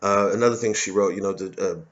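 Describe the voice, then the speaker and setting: A man's voice: fairly low pitch, fairly even intonation, fast talker, muffled recording. A man giving an angry, profane ranting monologue as a vlogger, often repeating himself and restarting sentences. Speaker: political commentary vlogger.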